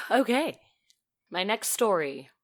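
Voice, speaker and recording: Reading a listener's email aloud, a woman co-hosting a podcast chats in a casual, expressive way and laughs frequently. Her voice sits at a medium pitch, and she takes her time.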